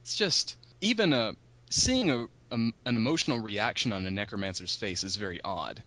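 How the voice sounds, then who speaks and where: A man hosting a podcast, casually retelling a book's story and acting out the characters' lines with a raised pitch. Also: expressive, moderate pace, fairly bright tone, dry recording. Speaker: podcast host.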